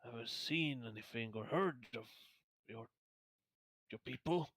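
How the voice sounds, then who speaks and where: A man's voice: medium pitch, measured pace, fairly bright tone, husky. A man voicing a talkative soldier escort who keeps asking questions. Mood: curious. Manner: wondering, questioning tone.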